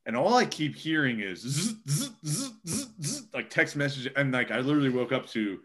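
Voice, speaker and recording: A man's voice: mid-range voice, expressive, fairly quick, bright, forceful tone. A man, a sports reporter, telling a story casually and rambling with lots of filler words.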